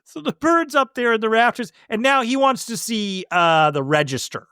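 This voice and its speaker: A man's voice: extremely high pitch, clean tone, dry recording, studio quality. A man co-hosting a film podcast in casual chat, prompting his co-host with questions. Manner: lively, quizzes co-host, quick laughs.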